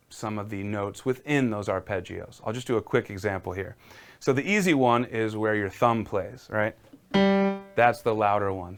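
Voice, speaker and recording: A man's voice: medium pitch, a bit bright, smooth. A man teaching a casual live-streamed piano lesson, encouraging and talking viewers through exercises.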